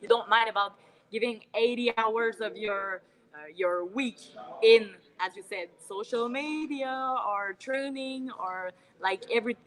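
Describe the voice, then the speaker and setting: A woman whose first language is French, a professional fighter talking as a guest in a casual interview, friendly and pausing to search for words. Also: fairly high pitch, low-quality recording.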